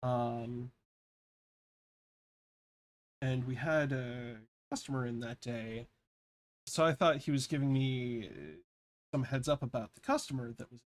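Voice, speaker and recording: A man in his thirties, a pixel artist and vlogger, chats casually while drawing pixel art, using a mid-range voice with a steady tone at normal speed. He rambles, swears freely, and laughs at his own stories.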